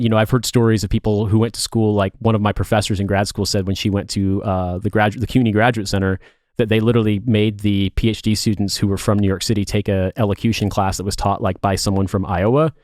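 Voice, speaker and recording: A man in his thirties talks in a low voice, rambling through casual podcast chat. He swears freely and corrects himself mid-sentence. The sound is dry and close. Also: level tone, fast talker, a little mellow, no echo. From Indiana. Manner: rambling, profane, self-correcting. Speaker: podcast co-host.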